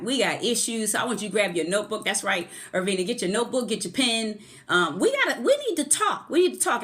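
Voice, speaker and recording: On a phone-camera livestream, a former therapist in middle age runs a motivational talk and effusively welcomes viewers by name first. Her voice sits at medium pitch with a sharp tone.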